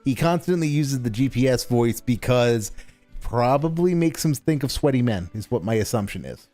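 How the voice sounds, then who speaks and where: A man's voice: mid-range voice, lively intonation, moderate pace, mellow, faint music behind. Exasperated, swearing man reacting to a stream. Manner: exasperated, sarcastic, swears often. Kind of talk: profane reaction commentary.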